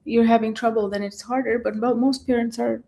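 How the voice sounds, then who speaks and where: Higher-pitched woman asking interview questions. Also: steady tone, fairly quick, creaky, warm tone. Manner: affirming, asks probing questions. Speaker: interviewer host.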